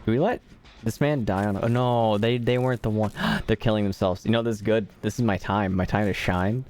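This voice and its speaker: A man's voice: fairly low pitch, steady tone, fairly quick, darkish tone. A man streaming a video game, giving live commentary in a joking, mock-dramatic way and talking to the characters on screen.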